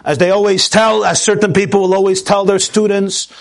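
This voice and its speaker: A man with a high voice lectures a Torah class to a live audience. He talks emphatically, building long lists of repeated words. Hebrew and Yiddish terms run through his English. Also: little pitch movement, a little fast, gravelly. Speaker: rabbi teaching a class.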